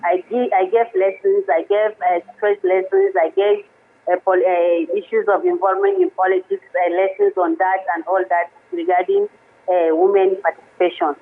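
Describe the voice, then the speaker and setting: A woman, a lawyer guest on a radio show, speaking haltingly with many restarts. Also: mid-range voice, lively intonation. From Nigeria. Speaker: guest, women's rights lawyer. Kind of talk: radio interview by phone. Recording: phone line into radio studio.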